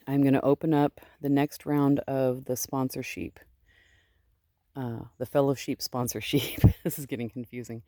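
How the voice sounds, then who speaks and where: A woman's voice: extremely low pitch, measured pace, pauses often, a little mellow, no room sound, clean studio sound. A woman sheep farmer chatting casually outdoors in her sheep pen, cooing baby talk to her animals in between. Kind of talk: casual vlog talking to animals.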